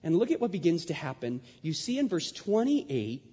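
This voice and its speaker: Animated preacher man in a big hall. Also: moderate pace, breathy edge. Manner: animated, acts out quotes with big pitch jumps. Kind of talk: sermon with storytelling. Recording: dull sound in a large hall.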